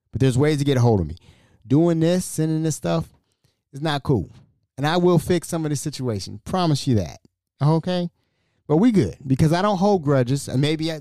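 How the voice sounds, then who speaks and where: A man hosting his own podcast, telling a story in a blunt, slangy, animated way. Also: on the high side, dry recording, clean studio sound. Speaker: podcast host. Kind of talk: solo podcast monologue.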